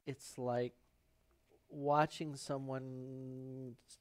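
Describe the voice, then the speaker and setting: A man's voice: mid-range voice, flat delivery, very slow. A man hosting a live painting show, chatting and joking to himself as he paints, recorded in a painting studio. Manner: rambling, talks to himself while painting, joking asides. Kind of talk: live painting demonstration chat.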